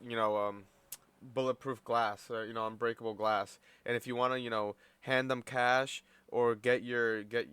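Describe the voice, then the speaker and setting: A man's voice: medium pitch, a bit bright, smooth, no room sound. A man streaming a reaction video, talking bluntly and swearing a lot, calling people dude and bro. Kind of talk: profane reaction commentary.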